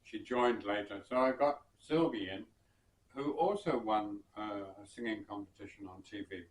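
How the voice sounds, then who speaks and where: A man from southern England, a musician and bandleader, tells a personal anecdote in an unhurried, reflective way with soft chuckles and hesitations. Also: fairly low pitch. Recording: roomy sound from some distance.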